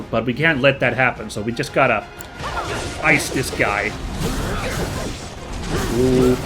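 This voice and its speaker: Excitable man narrating his gameplay. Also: mid-range voice, unhurried, long pauses, music in the background. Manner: chatty, excitable, reacts aloud to gameplay. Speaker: let's play host. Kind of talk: casual gameplay commentary.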